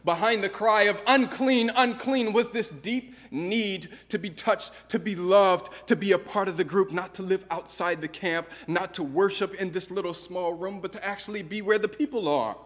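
A man's voice: high-pitched, normal speed, few pauses, fairly bright tone, long reverb tail. A man preaching a sermon, earnestly posing rhetorical questions to the congregation. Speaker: pastor.

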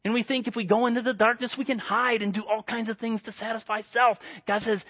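A man preaching a sermon in an earnest way, dropping to a hushed voice for quoted prayers. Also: high voice, flat delivery, quick pace, gravelly, few pauses, lo-fi sound.

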